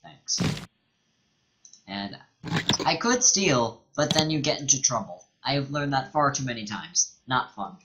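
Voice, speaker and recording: A man's voice: mid-range voice, lively intonation, moderate pace, lo-fi sound, background noise. A young man hosting a let's play, reading the game's dialogue aloud and joking casually between lines. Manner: casual, joking, reads in-game text aloud.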